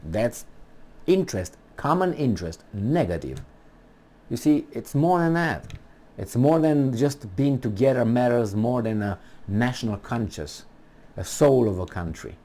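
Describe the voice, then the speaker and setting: A man's voice: mid-range voice, expressive, unhurried, mellow. A man giving an emphatic political monologue, full of rhetorical questions and restarts. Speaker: political commentator.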